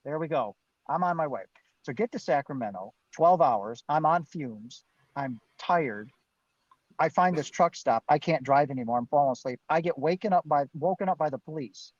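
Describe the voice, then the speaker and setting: A man's voice: on the high side, lively intonation, moderate pace, no echo. A man, a guest on a live Q&A, telling his own story with animation, acting out what he and others said and laughing now and then. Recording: dull, dry lo-fi stream audio.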